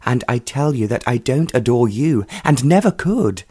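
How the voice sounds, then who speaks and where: A man's voice: medium pitch, expressive, moderate pace, warm tone, slightly rough, dry recording, clean studio sound. A man reading aloud, voicing a proud, indignant nineteen-year-old lady who talks sharply and haughtily. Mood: cold refusal.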